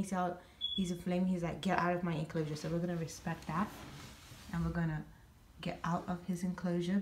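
Lady vlogging from home, lots of ums, low-ish voice, a bit of background hiss. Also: a little mellow. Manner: chatty and instructive, many ums and restarts. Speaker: vlogger and pet owner. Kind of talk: casual home vlog.

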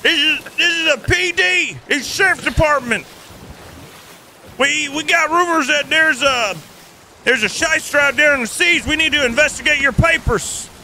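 A man voicing a bossy, blustering male sheriff who shouts orders at pirates in a game. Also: extremely high pitch, normal speed, slight background noise, pitched above the performer's own voice, exaggerated voice, rough recording.

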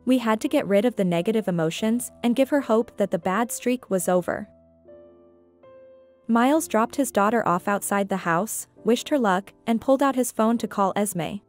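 Woman reading a story in a higher voice. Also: moderate pace, soft background music. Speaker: narrator. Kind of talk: scripted narration.

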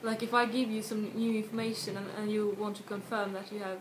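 A woman from Sweden, giving a casual video language lesson and explaining slowly with frequent restarts and spoken examples. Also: mid-range voice, little pitch movement. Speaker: language tutor. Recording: echoey room with faint noise.

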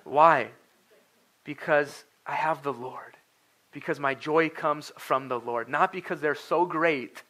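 A man's voice: a little high, slow pace, sharp tone. Earnest man preaching a casual sermon. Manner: conversational, earnest, with frequent fillers and restarts. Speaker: pastor. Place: church sanctuary.

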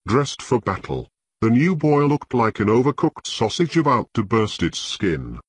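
A man reading an audiobook in measured, scripted narration with a husky voice. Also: mid-range voice, very animated, no room sound.

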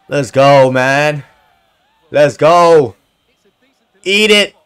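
A man giving excited commentary over his own soccer video game match, cheering, swearing and shouting at teammates. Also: fairly high pitch, a little slow. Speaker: gaming video creator.

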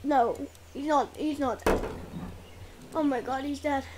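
A woman's voice: high-pitched, measured pace. A woman playing a video game role-play, talking casually and exclaiming often with squeamish oh and ugh sounds. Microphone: desk mic. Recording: loud background noise.

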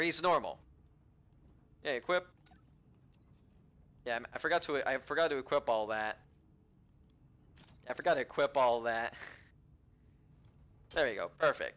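Talking to himself through a let's-play, this man keeps restarting his thoughts, curses freely, and bursts out excitedly without warning. His voice is mid-range.

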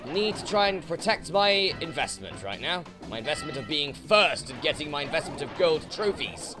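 Excitable British man swearing at a game. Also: fairly high pitch, normal speed, music in the background. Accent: British English. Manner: excitable, swearing, frustrated outbursts. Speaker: let's play host. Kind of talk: gameplay commentary.

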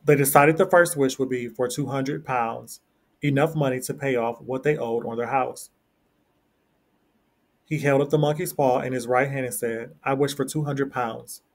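A man narrating a classic story aloud in a steady, plain reading voice. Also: medium pitch, moderate pace. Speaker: story reader.

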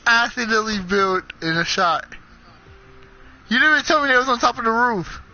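Young man with a bright, lively voice, mumbling laid-back. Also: very high voice, fairly quick, faint music behind. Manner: laid-back, mumbling, bursts of panicked yelling. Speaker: gamer. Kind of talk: casual gaming banter. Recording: dull lo-fi with faint noise.

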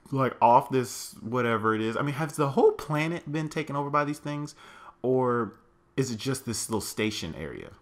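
A man's voice: mid-range voice, animated, moderate pace. A man giving let's play commentary, thinking aloud to his viewers as "guys" and crying out in alarm at what he finds. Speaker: gaming channel host.

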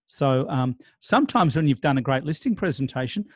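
A man's voice: medium pitch, lively intonation, fairly quick, slightly rough, no echo. Aussie guy coaching agents, chatty, stumbles and restarts, dead dry mic. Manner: conversational, role-plays client scripts, frequent restarts. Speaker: real estate sales trainer. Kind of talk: casual training talk.

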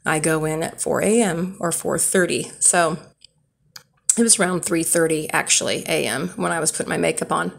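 A woman's voice: low voice, normal speed, gravelly. A young woman rambling through casual true stories on a vlog, with many fillers and restarts. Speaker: storyteller.

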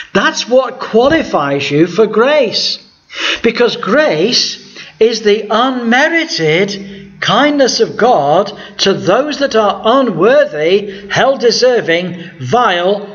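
A man's voice: high voice, a bit bright, highs cut off. A male pastor preaching a Bible lesson to his congregation, often putting questions to the people in front of him. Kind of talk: sermon Bible teaching. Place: church hall before a congregation.

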